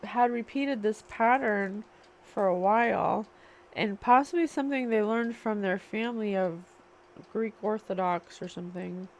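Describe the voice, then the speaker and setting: A woman's voice: mid-range voice, unhurried. A woman channeling a spiritual reading, musing and questioning aloud as she asks spirit for answers. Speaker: psychic reader.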